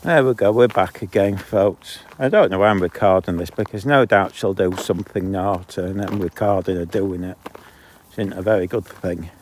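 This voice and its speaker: Guy walking his dog by a canal, lowish voice, ranting away, bit of outdoor hiss. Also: normal speed, darkish tone. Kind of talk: casual outdoor vlog ranting. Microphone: handheld camera.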